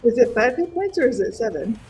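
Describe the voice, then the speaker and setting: Lively high-voiced woman at the gaming table. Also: a little fast, a little hiss or hum. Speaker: player. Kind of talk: casual tabletop game chat.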